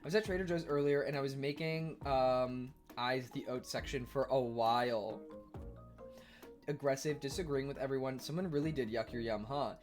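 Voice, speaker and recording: A man streaming live in a casual chat, reading viewers' messages aloud and answering them while he eats, quick to argue and defensive. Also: medium pitch, soft background music.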